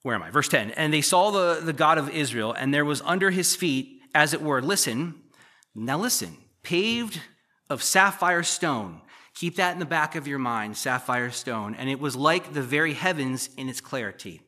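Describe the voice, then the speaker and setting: Excitable, bright-voiced male preacher. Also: fairly high pitch, normal speed. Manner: animated, excitable preaching with asides to the congregation. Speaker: pastor. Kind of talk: sermon with scripture reading.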